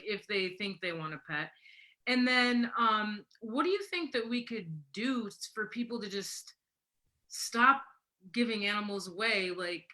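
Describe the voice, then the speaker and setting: A woman in her forties hosting a casual live chat, chatty and animated, laughing often and acting out quotes. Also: medium pitch. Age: 40s. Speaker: host.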